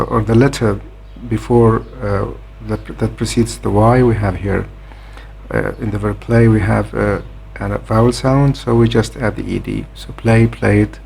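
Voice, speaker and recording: A man explaining a grammar lesson in a measured way, pausing often with "uh" between points. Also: fairly low pitch, creaky, a little mellow, slight background noise. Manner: measured, with frequent "uh" hesitations. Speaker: grammar teacher.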